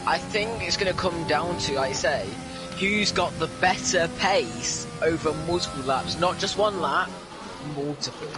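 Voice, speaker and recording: A man analyses a sim race in a slow, measured way. His voice is notably high for a man. A clear music bed runs underneath the commentary. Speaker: co-commentator and driver.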